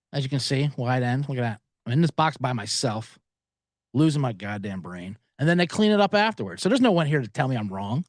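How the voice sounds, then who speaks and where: An American man hosts a solo podcast from a cramped booth, rambling and cursing at himself. His pitch swings widely and sits a little high for a man. The sound is dry and close, with no room echo. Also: a bit bright. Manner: self-deprecating, profane, digressive. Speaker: podcast host. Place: small booth.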